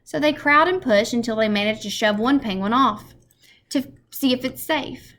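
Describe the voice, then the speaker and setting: A woman's voice: on the high side, normal speed, fairly bright tone, voice pushed up, lightly acted. Storybook read-aloud: an eager, dreamy middle-aged man, read by a woman. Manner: eager, enthusiastic. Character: dreamy, excitable middle-aged house painter.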